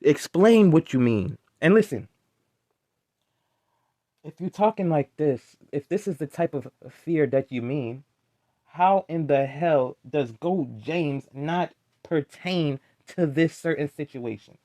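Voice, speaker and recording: A man's voice: a little high, lively intonation, slow, dark tone, dry recording, studio quality. Exasperated man ranting over a clip. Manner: exasperated, heckling, stammering. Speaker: reaction video host. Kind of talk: casual reaction rant.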